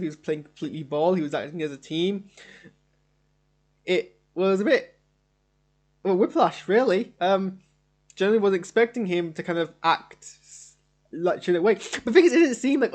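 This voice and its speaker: Rambling, eager man in a home studio. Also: fairly high pitch. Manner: rambling, enthusiastic. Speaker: reaction streamer. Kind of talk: live casual show reaction.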